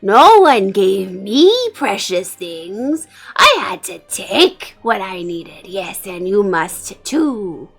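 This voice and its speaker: A woman voicing a scheming male Gollum-like bishop, who preaches a sermon in a drawn-out, hissing, wheedling way. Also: mid-range voice, big pitch swings, vocal fry, a bit bright, husky, full character voice. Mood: preaching. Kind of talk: fire-and-brimstone sermon role-play.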